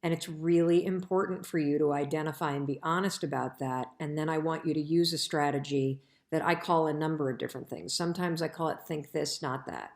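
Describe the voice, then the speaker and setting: A woman's voice: low-pitched, brisk, hardly any pauses, darkish tone. A middle-aged woman hosting a live stream, giving earnest, emphatic advice straight to her listeners. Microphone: live-stream broadcast mic. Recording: echoey room.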